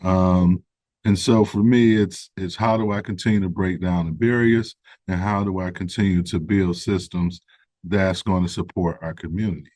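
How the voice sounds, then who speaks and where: A man, a guest who founded a recovery organization, speaks in an interview in an earnest, reflective way. He tells stories conversationally, with fillers, and gets more animated when he stresses a point. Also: low-pitched, normal speed, no echo. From United States. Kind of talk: interview storytelling.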